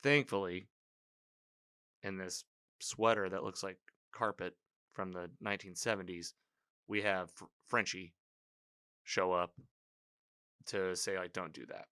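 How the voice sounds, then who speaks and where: Male recapper, somewhat low voice with a crisp, forceful edge; loose, chatty, reactive delivery. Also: slow pace, long pauses. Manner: rambling, filler-heavy, animated reactions. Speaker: TV episode recapper. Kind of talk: casual spoken episode recap.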